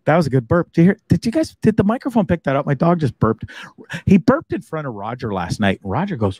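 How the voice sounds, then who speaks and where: Man, live-stream host, jokey and swearing, very lively pitch, dry close sound. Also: a little fast, husky, no echo. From Canada, Hamilton region. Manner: jokey, animated, swears freely, laughs often. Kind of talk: casual live-stream chat.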